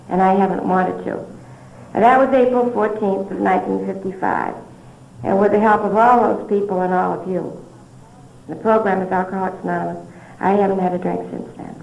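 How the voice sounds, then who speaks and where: A woman's voice: mid-range voice, creaky, dark tone. An older woman speaking at a recovery meeting, telling her story candidly with little chuckles and asides. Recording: dull roomy 1970s hall recording.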